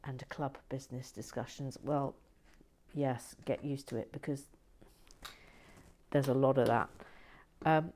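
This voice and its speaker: A woman hosting her channel in relaxed, playful chat, often dropping into whispered asides and stammering restarts. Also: very deep voice, unhurried, long pauses, a little hiss or hum. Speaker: channel host building and reviewing brick sets. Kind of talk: relaxed casual chat to viewers.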